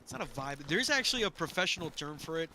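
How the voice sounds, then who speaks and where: A man's voice: fairly high pitch, sing-song, fast, pushed and bright, slight background noise. A young man in casual chat while gaming, talking in laid-back slang and swearing freely.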